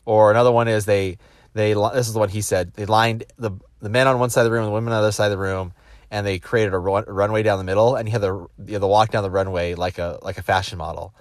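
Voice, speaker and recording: This businessman's fairly low voice moves fast as he relates personal stories in an informal motivational talk. He acts out quoted voices with animation and restarts sentences often, all captured in clean studio sound with no room noise.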